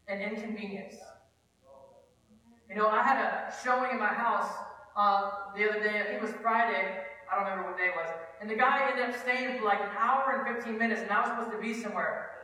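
Pastor from Kansas, conversational sermon, high and bright tone, echoing hall sound. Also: male voice. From Kansas, USA. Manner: conversational and earnest, with personal stories and asides. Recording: echoey hall, distant mic.

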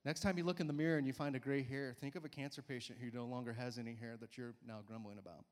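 A man in his forties preaching a sermon in a church, energetic and coaxing, often urging listeners with "come on.". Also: mid-range voice, quick pace. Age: 40s. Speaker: pastor. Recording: church hall reverb.

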